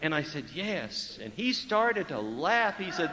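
A priest preaching a sermon, telling a story with lively acted-out dialogue and hushed asides. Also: male voice, a little high, a little slow, long reverb tail, slight background noise, rough recording. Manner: animated storyteller acting out dialogue, dropping to hushed tones.

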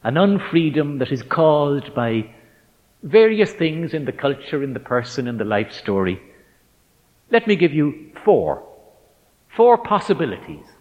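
A man giving a reflective faith talk to ministers, measured and emphatic, stretching out key words as he tells an anecdote. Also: fairly high pitch, big pitch swings. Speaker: speaker addressing ministers. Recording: dull lo-fi recording in a reverberant hall.

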